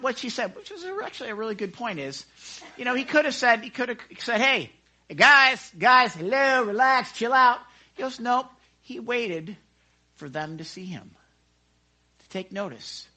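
An excitable man leads a casual Bible study, talking into a microphone in a high, bright voice. His pitch swings widely as he chats, and he keeps acting out the scenes he describes. The teaching is loose and enthusiastic. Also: brisk, breathy edge. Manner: excitable, chatty, acts out scenes. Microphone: handheld microphone.

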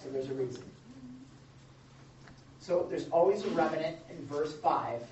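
A man preaching a sermon to a live group, animated, acting out the quotes and adding joking asides. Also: on the high side, unhurried. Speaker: pastor. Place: church or meeting room with a live audience. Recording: roomy, distant, dull sound with faint noise.

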